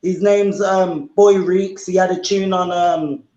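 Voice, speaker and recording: High-voiced Midlands man on echoey remote audio. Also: fairly even intonation, slow pace, warm tone, lo-fi sound. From English Midlands. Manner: playful, jokey. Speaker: guest panelist. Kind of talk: casual live watchalong chat.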